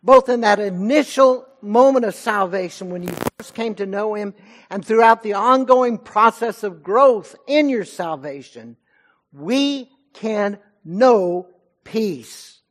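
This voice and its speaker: A man preaching a sermon, his delivery swelling to loud passages and sinking to quiet ones. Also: high voice, slow pace. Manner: preaching with rising and falling intensity. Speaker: pastor.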